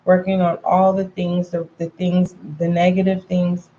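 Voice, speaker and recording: A woman's voice: on the low side, monotone, a little slow, dark tone, muffled recording, slight background noise. A woman giving a casual tarot reading to her viewers, chatty and frank, calling them pet names and repeating points for emphasis. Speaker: tarot reader.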